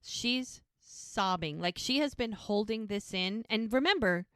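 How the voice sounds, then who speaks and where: Chatty woman recapping a show, crisp and dry. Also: mid-range voice, lively intonation, measured pace, fairly bright tone, dry recording. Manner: chatty storyteller, emotional, many fillers. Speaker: podcast co-host. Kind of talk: casual chat recapping a TV episode.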